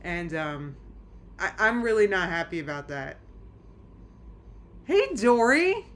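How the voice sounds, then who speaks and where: A woman's voice: lowish voice, moderate pace, fairly bright tone, a little hiss or hum. A woman streaming from home, chatting casually with her live chat in a rambling, anxious way, full of restarts. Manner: rambling, anxious, many restarts and nervous laughs.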